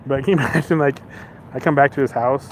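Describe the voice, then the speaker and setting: A man's voice: mid-range voice, fast talker, a little hiss or hum, poor audio. A man casually telling a story, acting out the voices of the people in it, often laughing. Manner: animated, acts out both sides with shouted quotes. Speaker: vlogger.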